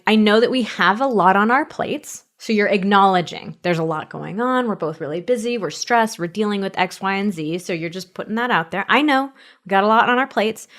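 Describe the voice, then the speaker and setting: A woman in her thirties, a sex therapist co-hosting a podcast, explaining practical steps in a relaxed chatty way and laughing easily. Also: mid-range voice. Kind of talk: casual chat, giving advice.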